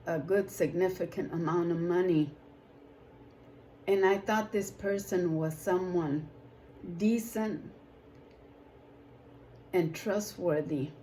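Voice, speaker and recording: A woman who leads a ministry, giving a personal testimony in a slow, emotional way that rises to emphatic outbursts. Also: on the low side, a little mellow, slight background noise, low-quality recording. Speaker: ministry leader.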